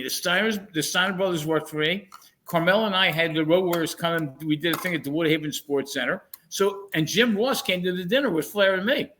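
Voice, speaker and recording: A man with a high, bright voice rambles through memories in a loose, casual way. He co-hosts and trades stories with his partner. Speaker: radio co-host. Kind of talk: casual reminiscing chat.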